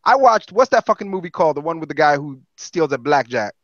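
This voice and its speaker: A man on a podcast telling a story in casual, profane, animated talk. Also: fairly high pitch, quick pace, no echo, highs cut off. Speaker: podcast co-host.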